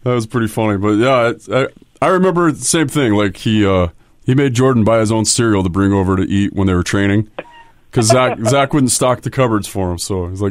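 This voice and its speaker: A man's voice: fairly low pitch, brisk, no room sound. A man who runs hockey camps, chatting casually about players and telling stories, often restarting his sentences. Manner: rambling, restarts sentences, storytelling. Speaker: hockey camp coach and co-host.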